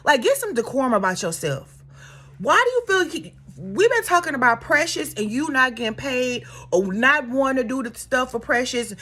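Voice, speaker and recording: Sassy, high, lively woman ranting. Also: slightly rough. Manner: sassy, exasperated, talks straight to viewers. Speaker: commentary vlogger. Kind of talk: casual opinion rant.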